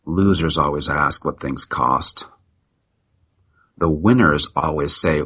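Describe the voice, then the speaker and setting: A middle-aged man with a very low voice pushes a motivational sales pitch with blunt, preachy emphasis. His tone is tense and driving, and there is a husky grain to it. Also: slow pace, long pauses, a bit bright. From United States. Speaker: practice consultant guest.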